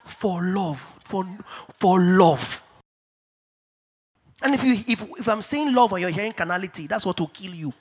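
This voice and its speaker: A middle-aged man from Africa preaching a sermon in church, emphatic and repetitive, dropping to hushed asides and rising to shouted declarations. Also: high voice, expressive, a little slow, slight background noise. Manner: repeats key phrases for stress. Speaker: pastor.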